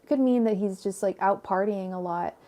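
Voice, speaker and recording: A woman with a mellow, mid-range voice and a fairly quick pace reads tarot on a laid-back livestream. Her Californian accent comes through as she chats and rambles, laughing, restarting and using lots of fillers, all captured on her own mic at home.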